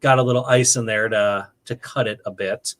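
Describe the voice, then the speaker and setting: A man's voice: lowish voice, fairly even intonation, fairly bright tone. Stammering podcast man. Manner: halting, stammering, laughs easily. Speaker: podcast co-host. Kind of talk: casual chat over drinks.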